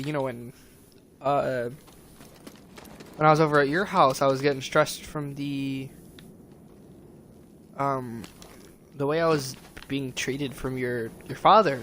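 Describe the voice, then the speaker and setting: A man's voice: mid-range voice, a bit bright. A young man streaming, rambling and agitated as he retells a falling-out, with lots of fillers and restarts. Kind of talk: casual stream chat, retelling a conversation.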